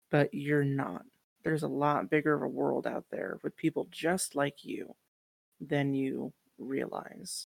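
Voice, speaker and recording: Gravelly-voiced woman, earnest podcast guest. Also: sits low, no echo. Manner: earnest, encouraging, profane. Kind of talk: candid podcast interview.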